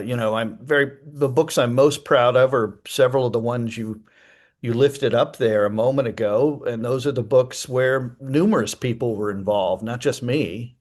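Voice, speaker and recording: A man, an author appearing as a guest, answering in a thoughtful, rambling way with frequent fillers. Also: medium pitch. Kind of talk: casual interview chat.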